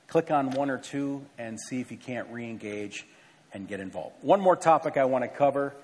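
Middle-aged man, pastor, mid-pitched voice, conversational pulpit announcements, big sanctuary reverb. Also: a little mellow. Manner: conversational, earnest, self-deprecating asides. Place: large church sanctuary with a balcony. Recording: long hall reverb in a church.

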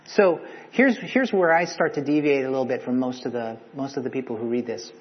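A man's voice: mid-range voice, a little fast. Male preacher, chatty sermon, long echoey hall, dull lo-fi sound. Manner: conversational, asks the listeners questions.

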